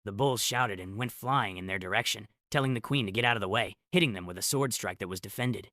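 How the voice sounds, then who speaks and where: A man recaps a comic story with a sarcastic edge, dropping snarky asides between plot beats. His voice sits a little low but sounds bright and sharp, and it is recorded dry and close. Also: fast talker, dry recording. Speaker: recap narrator. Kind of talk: comedic story recap narration.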